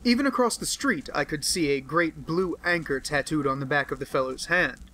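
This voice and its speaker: Brusque brilliant detective read by a man, crisp, lecturing, bright edge, slightly raised pitch. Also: expressive, normal speed, a little hiss or hum, rough recording. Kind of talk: audiobook character reading.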